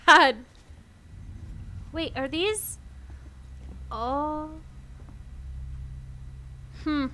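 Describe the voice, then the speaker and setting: High-pitched giggly woman streamer. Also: extremely slow, long pauses, sharp tone, a little hiss or hum. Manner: giggly, talks to herself and chat, jumpy. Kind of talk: playing a horror game on stream.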